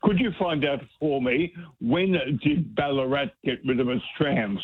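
A man's voice: mid-range voice, animated, measured pace, husky. An Australian man calling a talkback radio show, chatty and reminiscing. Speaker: radio caller. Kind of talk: casual talkback call. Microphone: telephone. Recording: tinny phone line.

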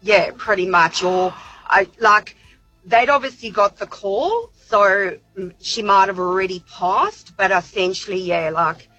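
Bright-voiced woman caller. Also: medium pitch, measured pace, no echo, dull audio, soft background music. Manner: chatty, with many fillers. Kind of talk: telling a personal story on radio.

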